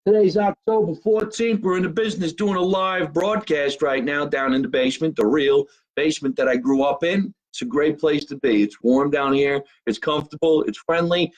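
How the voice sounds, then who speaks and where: A middle-aged comedian hosts his own live show from a home basement in a casual live-stream monologue, swearing and plugging his channels. His voice is medium-pitched, and the audio quality is poor.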